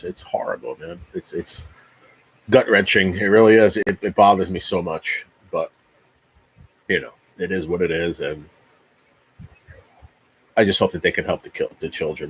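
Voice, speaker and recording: Livestream host, a man in his forties, low husky voice, swearing and ranting with heavy emphasis. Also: steady tone, normal speed, low-quality recording. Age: 40s. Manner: repeats words. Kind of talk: casual livestream chat.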